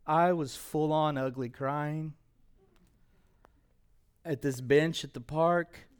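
A man's voice: mid-range voice, smooth. Man preaching a personal testimony. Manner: emotional, personal testimony with pauses. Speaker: pastor. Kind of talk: sermon storytelling.

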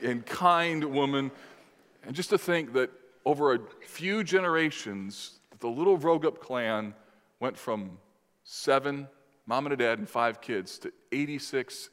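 A man preaching a sermon in a measured, emphatic way, putting questions to the congregation. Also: medium pitch, fairly bright tone. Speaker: pastor. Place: church sanctuary. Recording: long reverb in a large hall.

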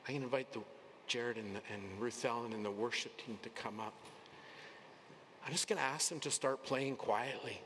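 A male pastor preaching an earnest, emphatic sermon in a church, sometimes dropping to a soft near-whisper. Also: mid-range voice, moderate pace, slight background noise. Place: church sanctuary. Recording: long hall reverb, faint room ambience.

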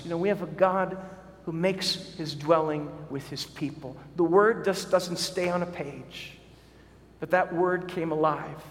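High-voiced pastor preaching in a reverberant hall. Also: male voice, normal speed. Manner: earnest, repeats words when starting sentences. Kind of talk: sermon.

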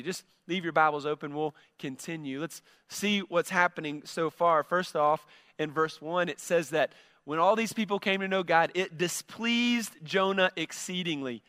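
A man's voice: a little high, normal speed, clean tone, dry recording, clean studio sound, long reverb tail. A man preaching a sermon, reading scripture and then explaining it, acting out an angry voice in quoted lines. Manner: animated, acts out Jonah's angry voice. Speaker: pastor.

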